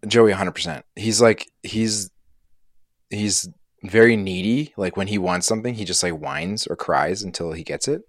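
A man's voice: lowish voice, normal speed, dry recording, studio quality. A young man with a Canadian accent, casually chatting as a podcast co-host, laid-back and profane. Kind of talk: casual chat.

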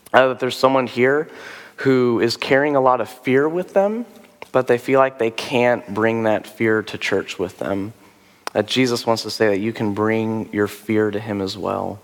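At a church service in a reverberant hall, a pastor with a medium-pitched male voice, rough after a sore throat, delivers a sermon with an altar call. He speaks unhurriedly with fairly even intonation, in a conversational, musing way full of fillers and rhetorical questions.

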